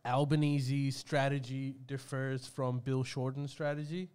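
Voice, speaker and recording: A man's voice: medium pitch, level tone, measured pace, darkish tone, smooth. A man co-hosting a podcast, steering the casual chat to the next topic with hesitant fillers. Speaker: podcast co-host.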